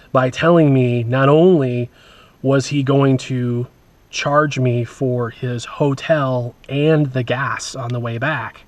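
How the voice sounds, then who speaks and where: A man's voice: mid-range voice, darkish tone. A man vlogging casually, recounting a story in a rambling, wry way with many asides and restarts.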